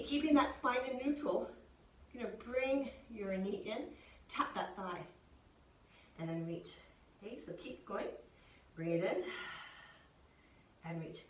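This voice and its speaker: A woman fitness instructor coaches through a pilates session with steady cues and encouraging countdowns. Her voice sits at an ordinary pitch and rings in a roomy, echoey space. She sounds a little off the mic, with faint ambient noise behind her. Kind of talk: guided workout instruction. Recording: echoey room, voice from a distance.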